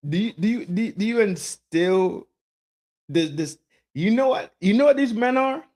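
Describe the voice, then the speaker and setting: A man's voice: high voice, expressive, measured pace, darkish tone. A man on a casual call-in show, talking in a preachy way and repeating words as he works through his point.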